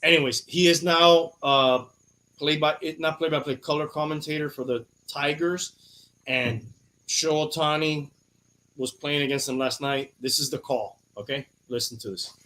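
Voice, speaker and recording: Talk like a man hosting a casual podcast: loose, profane, bright and a bit high-pitched. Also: fairly even intonation, normal speed. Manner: loose, profane banter with many fillers. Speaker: podcast host.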